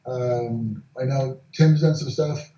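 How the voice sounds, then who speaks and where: A man, a film director guest, answering interview questions politely with halting repeats. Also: medium pitch, steady tone, mellow. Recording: distant, echoey, dull remote line.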